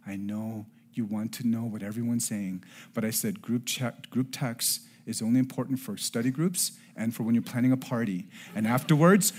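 A middle-aged man preaches at an ordinary pitch, sinking into hushed, breathy near-whispers before building to emphatic, raised passages. He tells a family story and acts out the voices in it, in a relaxed storytelling tone. Faint ambient noise sits behind his voice. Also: moderate pace. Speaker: pastor. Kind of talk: sermon.

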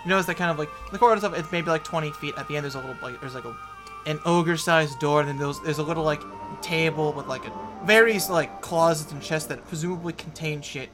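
A man's voice: fairly high pitch, fast, music in the background. A man narrating a tabletop game as game master, describing scenes casually with many fillers.

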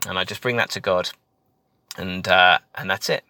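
A man's voice: sits low, normal speed, gravelly, pushed and bright, no room sound. A man hosting a podcast, giving a reflective devotional talk in an earnest way, often restarting his phrases. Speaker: podcast host and Christian teacher.

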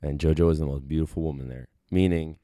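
A man co-hosting a comedy podcast, talking in a deadpan, playfully contrarian way. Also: rumbling low, quick pace, dry recording, studio quality. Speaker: podcast co-host. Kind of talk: casual comedic chat.

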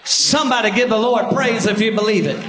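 Fervent high-voiced preacher man. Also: fairly quick, in a large hall, crowd noise, background noise. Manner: fervent, building to shouts, rhythmic repetition. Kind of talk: Pentecostal sermon. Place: church sanctuary.

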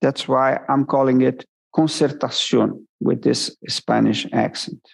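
A man from Brazil, giving an academic lecture in English as a seminar guest speaker, measured and deliberate with self-corrections. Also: medium pitch, level tone, creaky. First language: Portuguese.

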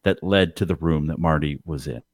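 A man's voice: rumbling low, a little fast, no room sound, studio quality. A man co-hosting a podcast in casual chat, with a nasal voice, stumbling and repeating words as he jokes. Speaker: podcast co-host.

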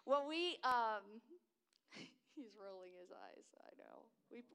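A woman's voice: a little high, huge pitch swings, takes it slowly, vocal fry, fairly bright tone, smooth. An American woman in her fifties gives a chatty, enthusiastic missionary talk at a church service, wandering off track and laughing at herself.

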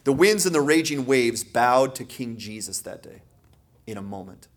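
Male pastor, husky tone, preaching with swings from soft asides to loud emphasis. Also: mid-range voice, animated, moderate pace. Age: adult parent. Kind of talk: sermon.

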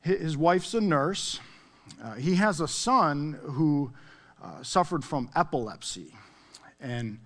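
A man preaching a sermon in a conversational way, often checking in with "okay?" and "all right?". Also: fairly high pitch. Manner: conversational, animated, with frequent "okay?" asides. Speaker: pastor.

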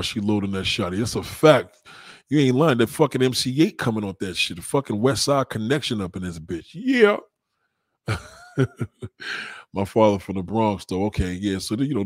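Profane, rambling streamer man, low voice. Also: no echo. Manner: profane, rambling street talk with shout-outs. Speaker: livestream host. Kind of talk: casual livestream chat with viewers.

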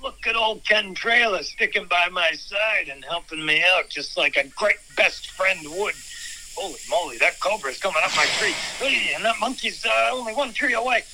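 Man playing a stammering, rambling PI, very high and very bright. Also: normal speed, slight background noise, exaggerated voice, rough recording. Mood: panicked. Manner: stammering, rambling, repeats himself. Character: jittery bumbling male private investigator, adult. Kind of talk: comedy phone-call bit.

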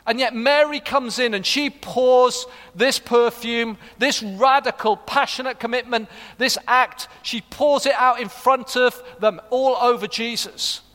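A man's voice: extremely high pitch, measured pace, hardly any pauses, pushed and bright. A middle-aged man preaching a sermon, earnest and rising to fervent appeals. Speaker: pastor. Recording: long reverb of a large hall.

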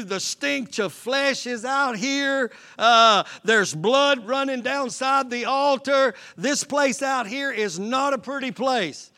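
A man's voice: extremely high pitch, bright, forceful tone. A man preaching a fervent sermon as pastor, repeating lines and calling out to the congregation. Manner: fervent, repetitive call-and-response preaching.

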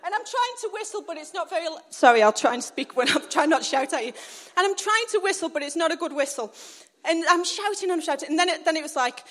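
A woman on a stage, preaching through a lively personal story she acts out. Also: very high-pitched, fast talker. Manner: animated storytelling, acting out scenes. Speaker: church speaker.

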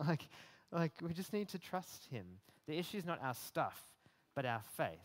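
A man preaching a sermon in a conversational way, with many fillers and restarts, getting animated at times. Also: on the high side, normal speed, long reverb tail. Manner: animated when voicing imagined rebukes.

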